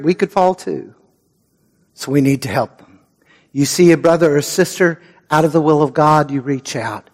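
A male pastor preaching a sermon in an earnest, conversational way, with prayerful pauses and moments where he drops to a soft voice. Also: fairly high pitch.

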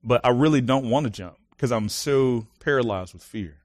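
A young man preaching a sermon, casual and animated, telling personal stories with lots of fillers and laughs. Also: mid-range voice, normal speed, no echo.

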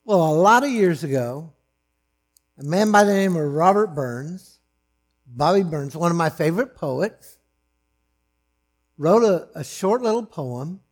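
A man preaching a sermon, swinging from loud, emphatic lines to hushed, low asides. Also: expressive, a little slow, pauses often.

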